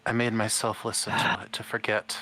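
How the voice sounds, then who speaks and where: A man doing a tearful, soft-spoken mother. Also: on the low side, monotone. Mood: remorseful. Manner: soft and halting. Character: tearful mother confessing a long-kept secret.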